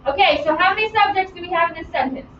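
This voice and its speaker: A woman teaching grammar in a live online class, lively and playful, calling on students by name. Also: extremely high pitch, quick pace, slight background noise. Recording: roomy, distant, dull sound.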